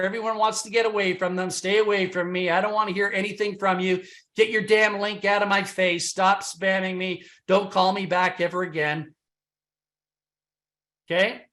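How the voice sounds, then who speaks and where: A man with a high-set voice runs a hyped business pitch over a call. He's brash and boastful, punching up the big claims and then dropping into low, confiding asides. His voice sounds slightly worn from all the loud talking. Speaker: business opportunity presenter on a conference call.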